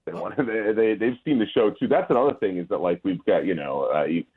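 A man's voice: low-pitched, expressive, fairly quick, breathy edge. A male guest on a phone interview, talking in a rambling, hesitant way with many restarts. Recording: tinny phone line.

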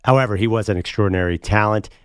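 A man's voice: on the low side, very fast, clean tone, no room sound. A man co-hosting a sports radio show in the studio, joking about himself in casual banter. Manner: playful, self-mocking. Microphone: studio mic.

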